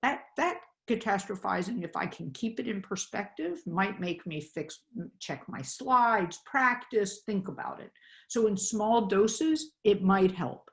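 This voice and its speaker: A woman's voice: mid-range voice, animated, a little slow, creaky. A woman presenting a wellness webinar in an earnest, coaching way, acting out inner self-talk voices.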